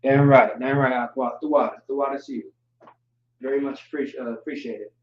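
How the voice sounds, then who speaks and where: A man teaching a livestream lesson, explaining slowly and deliberately with frequent fillers. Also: mid-range voice, fairly even intonation, slight background noise. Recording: distant, echoey and dull lo-fi audio.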